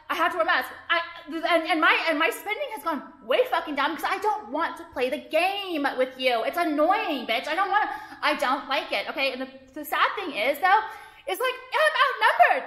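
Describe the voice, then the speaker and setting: A woman's voice: high-pitched, bright, forceful tone. A woman designer vlogging an angry, profane rant full of filler words, in an echoey room. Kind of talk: ranting vlog monologue.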